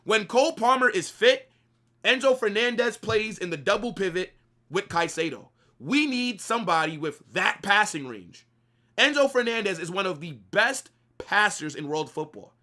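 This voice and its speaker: On a live watch-along stream, a young man talks football at a normal speed, his voice a little high and bright. He's animated and opinionated, tossing in slang and casual swearing as he argues his points conversationally.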